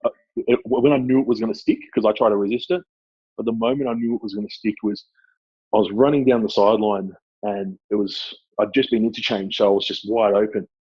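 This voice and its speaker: A man with an Australian accent, a former club footballer, chatting casually as a guest and telling lively stories. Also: lowish voice, a little fast, husky, no room sound, lo-fi sound. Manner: animated storyteller, laughs often. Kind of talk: casual chat.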